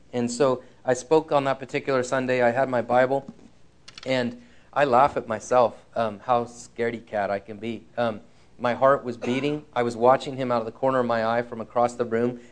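A man preaching a sermon, telling a personal story in an earnest, frank way, slowing down to stress key lines. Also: mid-range voice, flat delivery.

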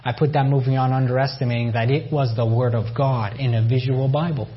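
A man's voice: mid-range voice, steady tone, brisk, lo-fi sound. A man from Iran giving a personal faith testimony, telling his story with emotion and repeated phrases. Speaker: testimony speaker.

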